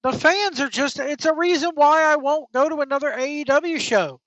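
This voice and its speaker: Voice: sits high, moderate pace, fairly bright tone, dry recording. A wrestling podcast host on an angry, profane opinion rant, blunt and heated. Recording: dull lo-fi dry recording.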